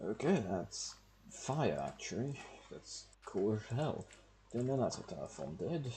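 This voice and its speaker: A man's voice: lowish voice, sing-song, measured pace, dark tone, slight background noise. A man, casually talking to himself as he plays a game on stream. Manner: muttering thoughts to himself while playing. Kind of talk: casual gameplay commentary.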